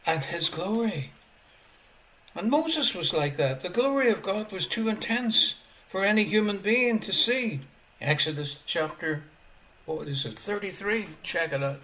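A man preaching a sermon, swinging between quiet asides and loud exclamations, often chuckling as he speaks. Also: high voice.

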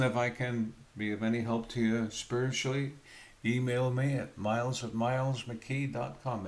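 Slow, emphatic male preacher. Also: medium pitch, fairly bright tone. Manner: slow, emphatic, repeats phrases for stress. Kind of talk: sermon storytelling.

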